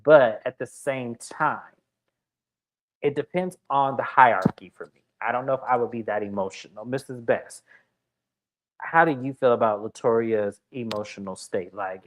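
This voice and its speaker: A man's voice: mid-range voice, moderate pace, poor audio. A man with a mid-range voice hosts a chatty reality TV recap. He talks casually and animatedly, acting out what the cast said. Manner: animated, retells scenes with quoted voices.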